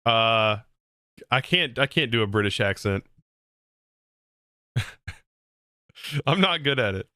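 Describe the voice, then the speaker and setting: Streamer, male, bright and clear, dry close sound, loose rambling chat. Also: mid-range voice, animated, takes it slowly, long pauses, dry recording. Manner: rambling, with frequent restarts and laughs. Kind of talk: casual gameplay livestream chat.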